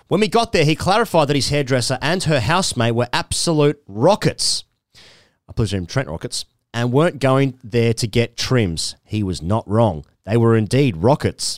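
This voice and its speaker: A man's voice: mid-range voice, no echo, clean studio sound. A man, a podcast co-host reading a listener's letter aloud and laughing often as he goes. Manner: keeps breaking into laughter while reading.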